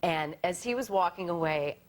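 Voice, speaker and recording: A woman appearing as a guest on a late-night talk show, telling animated stories and acting out the voices of people she quotes. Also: lowish voice, normal speed. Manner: animated storyteller, acts out voices. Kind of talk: chatty anecdote telling. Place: television studio.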